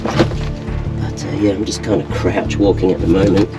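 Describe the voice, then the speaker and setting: Australian man, deep voice, excited cave vlog, action cam, faint music underneath. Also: moderate pace. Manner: excited, exclaims often. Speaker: outdoor adventure vlogger. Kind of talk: casual exploring commentary. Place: inside a cave. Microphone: action camera.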